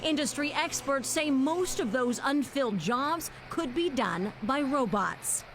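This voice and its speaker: A woman TV news reporter delivering a report in a crisp, upbeat way. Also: sits high, animated, a little slow. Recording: ambient noise on location.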